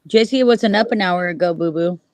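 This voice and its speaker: A woman's voice: fairly low pitch, fairly quick, no echo. A woman with an American accent hosting a casual live stream, blunt and teasing as she argues with her guests. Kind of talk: casual chat.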